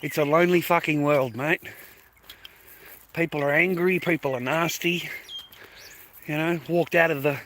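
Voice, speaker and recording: This Australian vlogger, middle-aged and tired, talks to viewers at normal speed while heading to a bus stop early in the morning, rambling, cursing often and calling them "mate" and "boys." His slightly high, fairly bright voice stays fairly even and pauses often, with slight background noise.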